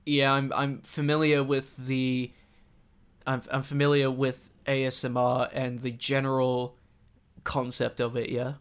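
A man's voice: mid-range voice, completely flat delivery, clean tone. Young aussie guy, accent sorta drifts toward american, stops and restarts a lot. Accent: Australian with American tinges. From Australia. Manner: halting, self-reflective, many restarts. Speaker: podcast guest. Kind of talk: casual chat.

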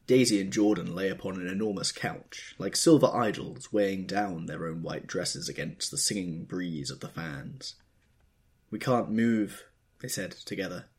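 Deep male audiobook narrator, expressive, measured.

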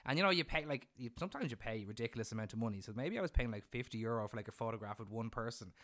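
A man's voice: mid-range voice, animated, racing, fairly bright tone. Enthusiastic man hosting a podcast. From Ireland. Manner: enthusiastic, teasing interviewer. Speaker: podcast host. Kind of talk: casual chat.

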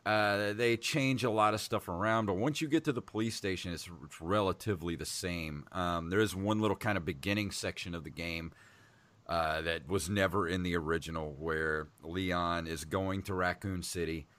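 A man's voice: low-pitched, moderate pace, a bit bright. A man in his thirties co-hosting a casual podcast, talking in a laid-back, rambling way with lots of fillers. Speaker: podcast co-host, game reviewer.

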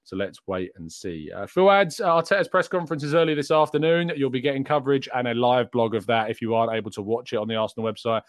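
A man's voice: medium pitch, quick pace, hardly any pauses, no room sound. Young english guy hosting a live chat show, chatty, dry close mic. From England. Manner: chatty, reads out chat questions and answers them. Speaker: host. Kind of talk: casual live-stream chat.

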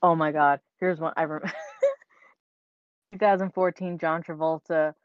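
A woman co-host talks in loose, blunt chat, laughing often and swearing without a second thought. Her voice sits on the lower side and is close and dry. The recording sounds dull and lo-fi. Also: steady tone, takes it slowly, no echo. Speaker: podcast co-host. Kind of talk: casual chat.

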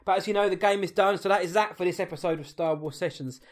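Teasing young host, slightly high voice. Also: male voice, quick pace. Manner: teasing, giggly. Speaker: podcast host. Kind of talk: casual chat, hosting a game.

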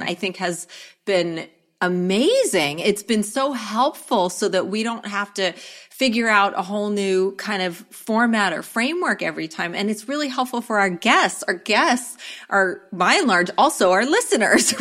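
A woman's voice: medium pitch, a bit bright. Enthusiastic woman co-hosting a podcast. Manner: enthusiastic, quick, emphatic. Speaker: podcast co-host. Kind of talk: casual conversational podcast.

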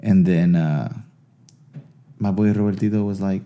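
A man's voice: low voice, measured pace, highs cut off. A man telling a long casual story, swearing freely and laughing as he goes. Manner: animated, profane, laughs through his stories.

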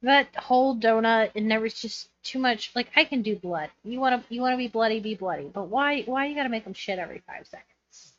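A woman co-hosting a podcast, chatting casually in a playful, teasing way and laughing often. Her voice sits a bit high. The recording is dry and slightly dull and lo-fi. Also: brisk, few pauses, no echo. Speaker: podcast co-host. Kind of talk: casual chat about a bad movie.

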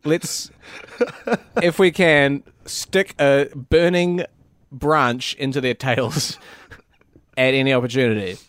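Deadpan joking man, dry sound. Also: mid-range voice, slow, pauses often, dry recording. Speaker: podcast co-host. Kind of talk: casual comedic chat.

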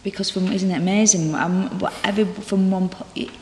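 A woman actor talking candidly as an interview guest, chatty and halting, with lots of restarts and acted-out dialogue. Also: mid-range voice, fairly even intonation, a little mellow, slight background noise. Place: library reading room. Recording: roomy echo with long reverb.

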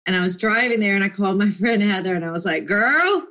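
A middle-aged woman chatting casually to her viewers, bubbly and animated, slipping into playful voices for quoted people. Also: medium pitch, quick pace. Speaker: vlogger.

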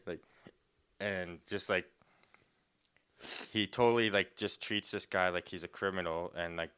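A man's voice: low voice, fairly even intonation, normal speed, long pauses, fairly bright tone, smooth. Young man rambling with lots of fillers. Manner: rambling, many fillers and restarts, laughs a lot. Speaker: podcast co-host. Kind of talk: casual podcast chat.

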